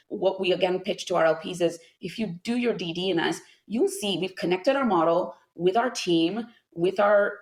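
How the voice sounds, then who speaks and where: A middle-aged woman answering interview questions as a venture investor, animated, with lots of fillers and asides. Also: fairly low pitch, rough recording. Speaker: venture capital investor guest.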